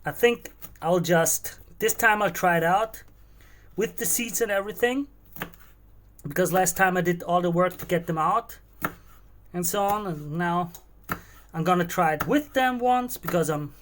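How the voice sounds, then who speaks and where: High voiced guy, cooking and rambling on a live stream in his kitchen. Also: unhurried, pauses often, fairly bright tone, a little hiss or hum. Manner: chatty, thinking aloud while cooking, moving around the kitchen. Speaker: stream host cooking a stew. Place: home kitchen.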